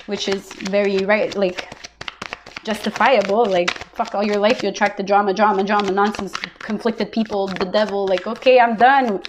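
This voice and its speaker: A woman's voice: medium pitch, flat delivery, moderate pace, noisy background. A woman giving a casual tarot reading, blunt and emphatic, who swears freely. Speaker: tarot reader.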